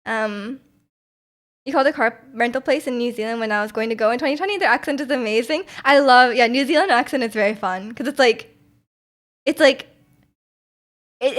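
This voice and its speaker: A woman's voice: high-pitched, a bit bright. A young Canadian woman streaming, chatting with her viewers in a rambling, giggly way full of fillers. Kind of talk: casual chat with live chat.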